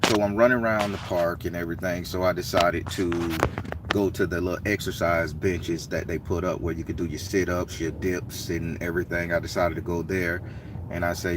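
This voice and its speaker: A man casually telling a story to his viewers, his voice climbing high and heated as he acts out an argument. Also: moderate pace, far from the mic, noisy background. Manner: animated street-talking storyteller, rising excited and heated as he retells.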